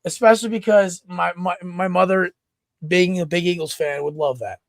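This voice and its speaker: A man co-hosting a sports podcast, chatting casually and excitably, rambling with lots of restarts. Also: high-pitched, moderate pace, creaky, no room sound, clean studio sound. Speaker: podcast co-host.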